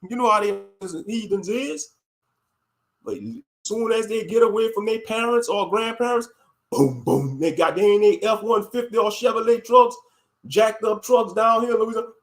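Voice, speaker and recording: A high-voiced man rants bluntly into his channel's commentary. He talks heatedly and keeps coming back to catchphrases. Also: expressive, moderate pace. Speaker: YouTube commentator. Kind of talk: ranting commentary.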